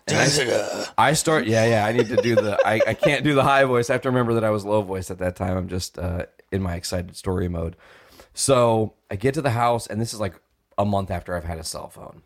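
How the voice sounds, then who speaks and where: A young man co-hosting a podcast, telling a long profane story and acting out the voices in it. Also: fairly low pitch. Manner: profane, acts out quoted voices. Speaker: podcast co-host. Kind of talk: animated storytelling.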